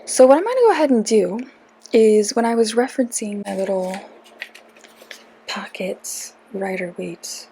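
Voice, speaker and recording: A woman's voice: mid-range voice, animated, measured pace, dark tone, a little hiss or hum, rough recording. A young woman hosting a casual tarot vlog, rambling and self-deprecating, with lots of chatty asides. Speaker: tarot reader, channel host.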